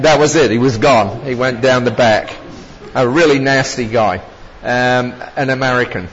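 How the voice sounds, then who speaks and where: A man's voice: medium pitch, normal speed, a bit bright. A man recounting personal travel anecdotes in a rambling storytelling way, often chuckling and adding asides. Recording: dull lo-fi recording with long reverb and faint noise.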